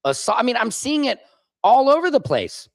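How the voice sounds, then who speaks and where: A man from the United States hosting a political livestream, ranting with heat and plenty of profanity. His pitch swoops up and down, and he stops often to answer viewer comments aloud. The sound is dry and close, with no room echo. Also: very animated, normal speed. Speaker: livestream host.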